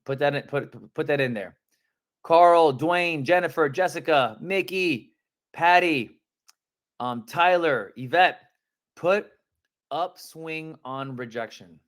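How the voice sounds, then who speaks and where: Energetic man coaching in slangy talk. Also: on the high side, takes it slowly. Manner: energetic, casual slang, acts out phone calls. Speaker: real estate sales coach. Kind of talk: live-streamed sales training.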